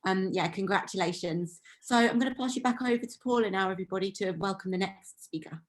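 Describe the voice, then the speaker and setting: A woman co-hosts an online meeting and offers upbeat congratulations. She talks fast, at a middle pitch. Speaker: co-host.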